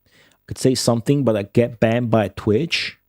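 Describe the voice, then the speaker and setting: A man's voice: medium pitch, unhurried, no echo, clean studio sound. A man with Italian as his first language, streaming a game live and chatting with viewers in English with a slight Midwestern and Australian tinge. He talks in a profane, rambling, offhand way. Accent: slight Midwestern with a touch of Australian. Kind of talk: live gameplay commentary with chat.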